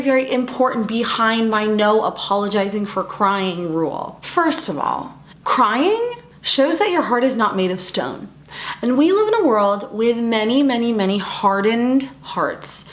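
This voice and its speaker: A woman's voice: a little high, roomy sound. A young adult woman talking to camera in a casual, earnest and encouraging way, repeating words for emphasis. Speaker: women's event speaker and video creator.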